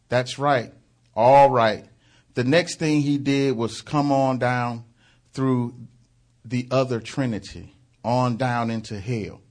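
A man preaching a sermon, dramatizing the story with loud surges and quiet asides, with frequent halting fillers. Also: mid-range voice. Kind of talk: fervent sermon.

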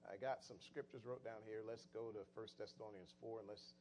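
A man preaching a sermon, fervent, rising to loud emphatic calls. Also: on the low side, steady tone, fairly quick, slight background noise, low-quality recording.

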